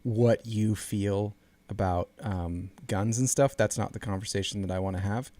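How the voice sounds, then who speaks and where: A man's voice: lowish voice, steady tone, normal speed, warm tone, no echo. Dry-voiced man chatting on a podcast. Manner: rambling, restarts sentences, laughs easily. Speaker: podcast co-host. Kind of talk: casual chat.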